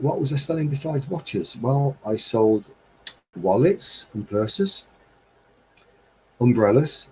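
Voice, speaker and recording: A man's voice: medium pitch, expressive, slow, long pauses, warm tone, slight background noise, low-quality recording. A man hosting a casual live-stream chat from a home setup, talking in a rambling, chatty way and chuckling often. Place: home studio with green screen.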